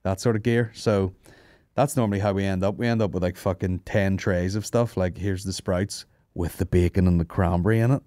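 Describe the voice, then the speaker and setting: A man hosts a comedy podcast in a low, grounded voice. He rambles and swears through casual banter, close on the mic in a dead, dry room. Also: fairly even intonation, a little fast, dark tone, dry recording. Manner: sweary, rambling, laughs at his own jokes. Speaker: podcast host.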